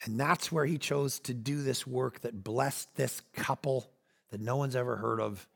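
A man in his forties preaching a sermon, animated, swinging between loud bursts and hushed asides. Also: mid-range voice, moderate pace, creaky. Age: 40s. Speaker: pastor.

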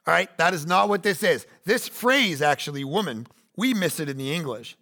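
A man in his forties preaching a sermon, animated, swinging between loud bursts and hushed asides. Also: fairly high pitch, moderate pace, creaky. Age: 40s. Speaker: pastor.

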